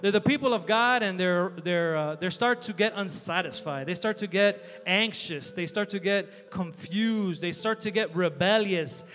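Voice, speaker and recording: A man preaches to young people in a big hall, energetic and chatty, his stories full of fillers. His voice sits high and sounds bright and forceful. It rings with a long hall reverb over faint music. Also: moderate pace, few pauses. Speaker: youth preacher. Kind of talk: sermon. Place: large hall with an audience.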